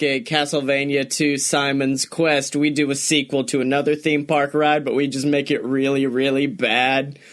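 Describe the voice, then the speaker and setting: Young man, high-pitched, casual podcast chat, excitable, profane, laughs a lot. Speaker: podcast co-host.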